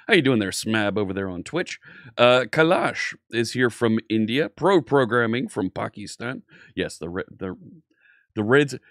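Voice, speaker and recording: Upbeat male streamer, lowish voice, dry close mic, chatty teacher greeting viewers. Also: a bit bright, no room sound. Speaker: live stream coding teacher. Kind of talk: casual live-stream chat.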